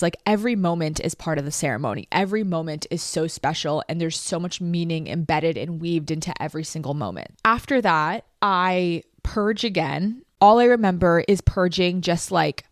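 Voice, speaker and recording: A woman's voice: fairly low pitch, no echo, clean studio sound. A young woman hosting a podcast, casually telling a personal story in a candid, confessional way, full of "like" fillers. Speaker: podcast host.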